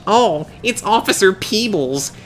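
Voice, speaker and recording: A man voicing a petty, gremlin-like male parking officer in a squeaky, taunting comic voice on a live stream. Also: animated, a little slow. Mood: gleeful taunting.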